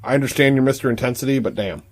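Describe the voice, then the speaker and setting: A man co-hosting a wrestling podcast in casual chat, relaxed and filling his pauses with "uh" and "um". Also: mid-range voice. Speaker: podcast co-host.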